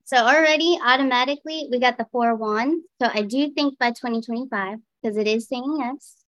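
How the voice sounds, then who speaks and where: Female tarot reader, bit high-pitched, dry mic, easy musing delivery. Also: a little fast, dry recording, lo-fi sound. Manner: relaxed, thinking aloud while reading cards. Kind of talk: casual tarot reading.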